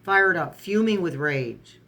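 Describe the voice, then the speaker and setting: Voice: medium pitch, animated, takes it slowly, pushed and bright. Sarcastic tarot reader listing card keywords. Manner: lists card keywords in a string, then adds sarcastic asides; stumbles and corrects words mid-phrase. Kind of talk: casual pendulum and tarot reading.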